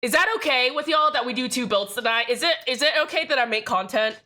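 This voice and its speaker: Sassy, bright-voiced young woman streamer. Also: high-pitched, fast. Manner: sassy, profane, joking with chat. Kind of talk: casual live-stream chat.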